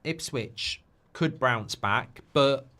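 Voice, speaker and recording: A man's voice: medium pitch, drawn-out words, pushed and bright. A man hosting a live football watchalong stream, chatting casually and reacting to viewer messages. He is opinionated and keeps tacking on tag questions, and he gets heated and ranty when he makes a point.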